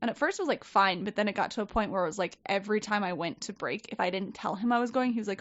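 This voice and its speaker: A woman telling a story in casual chat, animated and swearing, acting out quoted people. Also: mid-range voice, rapid-fire, few pauses, dry recording. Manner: animated, profane, quotes people in lively voices. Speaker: podcast guest. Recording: dull, dry podcast mic.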